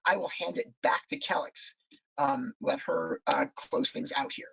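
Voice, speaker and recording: Gravelly, husky man presenting a webinar. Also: on the high side, a little slow, fairly bright tone, poor audio. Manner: hesitant, many ums and restarts. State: losing his voice. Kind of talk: presenting a policy report. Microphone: video call.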